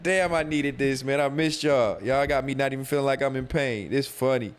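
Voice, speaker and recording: A man's voice: medium pitch, moderate pace, hardly any pauses, clear, resonant tone. A young man hosting a livestream, riffing loosely and profanely and talking straight to his chat. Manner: loose, slangy and profane, talks to chat directly. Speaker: podcast host streaming live. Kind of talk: casual livestream monologue, reading chat.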